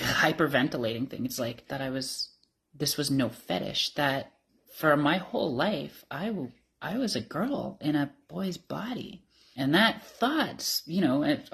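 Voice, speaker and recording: A woman in her thirties telling her life story candidly and emotionally, laughing often. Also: low voice. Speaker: interviewee. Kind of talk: personal storytelling.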